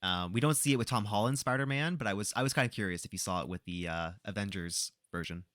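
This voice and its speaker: A man hosting a podcast, asking questions in a relaxed, agreeable way. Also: lowish voice, quick pace, no echo, clean studio sound. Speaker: podcast host. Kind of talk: casual podcast chat.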